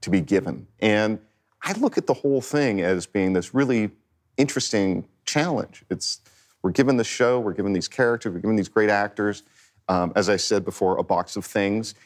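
A man with a lowish voice talks through his ideas in a measured way. He sounds like a guest on a discussion panel.

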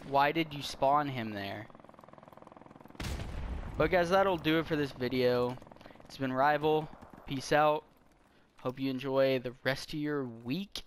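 A teenage guy chatting loosely about his summer plans, breaking off to curse at the match he's playing. His voice sits at a middle pitch. A faint hiss and distant game gunfire run underneath. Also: slow pace, long pauses. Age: teens. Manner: rambling, swears at the game mid-sentence. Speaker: gaming YouTuber. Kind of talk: casual channel update while playing a shooter.

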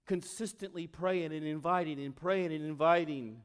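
A male pastor preaching a sermon, animated, swinging from loud exclamations to quiet, intimate asides. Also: fairly high pitch, normal speed, smooth.

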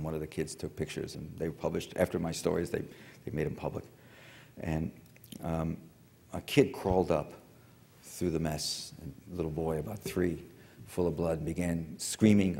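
An older man with a very low voice tells a long story to a lecture audience, wandering off on tangents and restarting his sentences. His voice rings with the long reverb of a big hall. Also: vocal fry, warm tone. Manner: rambling, digressive, many fillers and restarts.

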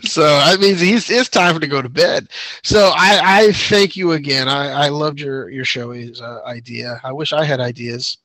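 Guy cohosting a show, kinda high voice, rambly, laughs a lot, dry sound. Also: normal speed, sharp tone, no room sound. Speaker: podcast co-host. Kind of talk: casual chat.

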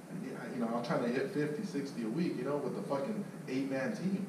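A man fires up his sales crew in an intense, swearing pep talk. He sounds far from the mic in a very echoey room with a faint hiss behind him. His pitch sits in a middle range for a man. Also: fast. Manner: intense, profane, pumped-up. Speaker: sales team leader. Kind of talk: motivational team meeting talk.

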